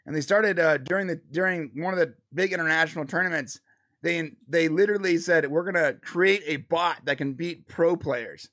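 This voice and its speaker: A man's voice: on the high side, normal speed. A man co-hosting a live show, chatting casually with many restarts and laughs. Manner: animated, restarts a lot, laughs. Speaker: co-host of a live pop culture show. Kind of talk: casual chat.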